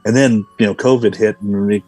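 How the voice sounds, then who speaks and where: Man, husky tone, podcast guest, rambling anecdotes full of fillers. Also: on the low side, fairly even intonation, a little fast, a little mellow, faint music behind, rough recording. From Los Angeles, USA. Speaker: guest character actor. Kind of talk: casual podcast interview.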